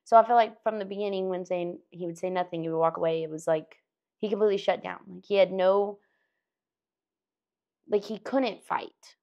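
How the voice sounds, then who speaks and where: A woman's voice: lowish voice, moderate pace, darkish tone, highs cut off. A young woman in casual podcast chat, chatty, laughing often, trailing off and restarting. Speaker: podcast co-host, engaged to a host.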